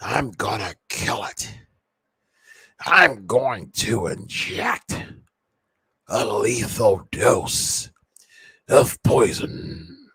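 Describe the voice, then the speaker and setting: A man putting on a raspy old wrestling boss. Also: fairly low pitch, expressive, pushed and bright, no echo, exaggerated voice. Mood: menacing. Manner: slow, drawn-out menacing threats. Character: gravelly old male wrestling boss, menacing.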